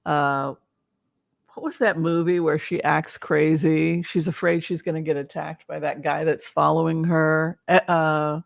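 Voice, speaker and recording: A woman's voice: low voice, little pitch movement, a little slow, vocal fry, dry recording, studio quality. A woman tarot reader talking in a casual, rambling, playful way, often breaking into laughter.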